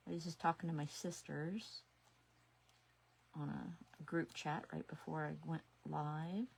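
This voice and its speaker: A woman's voice: low-pitched, creaky, a little hiss or hum. A woman in her sixties chatting casually on a craft livestream, talking to herself as she works. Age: 60s. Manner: chatty, talks to herself while working. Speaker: resin artist streaming live.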